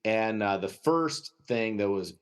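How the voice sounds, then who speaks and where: A man with a Wisconsin accent, a guest telling a lively anecdote in an interview and often tagging his sentences with "right?". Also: on the low side, takes it slowly, clear, resonant tone. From United States. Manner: lively anecdotal storytelling, frequent "right?" tags. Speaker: guest, dog trainer. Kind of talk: storytelling interview.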